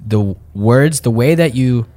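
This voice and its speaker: A man's voice: mid-range voice, lively intonation, unhurried, dark tone. A man chatting casually on a podcast, affirming his co-host and often asking "you know what I mean.".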